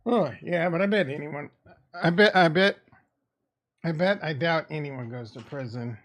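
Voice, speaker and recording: A man's voice: fairly high pitch, unhurried, a bit bright. A man from the American Midwest, casually streaming about markets, rambling and irreverent as he thinks aloud. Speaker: crypto and stock market streamer. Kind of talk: casual livestream chat.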